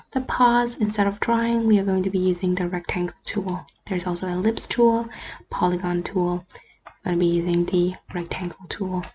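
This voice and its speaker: A woman whose first language is not English, talking through a screen-recorded editing tutorial in a relaxed, often half-whispered way. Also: medium pitch, slight background noise. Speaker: YouTuber. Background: faint keyboard and mouse clicks.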